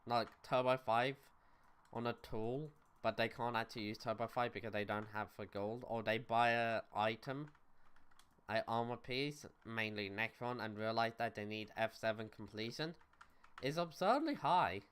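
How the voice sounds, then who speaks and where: A young man talks through a video game on a livestream in a relaxed, unscripted way, answering his chat as he goes. His voice is smooth and clear and sits in an ordinary middle pitch for a man. Keyboard typing clicks away in the background. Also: normal speed. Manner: loose and offhand, reads chat aloud, swears casually. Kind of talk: casual gaming stream chatter.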